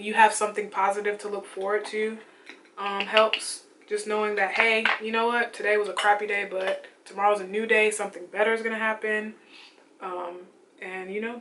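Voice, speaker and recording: A young woman chatting casually and excitedly about her makeup while she gets ready at home, full of slangy asides. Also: medium pitch, background noise. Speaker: beauty vlogger. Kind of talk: casual get-ready-with-me chat.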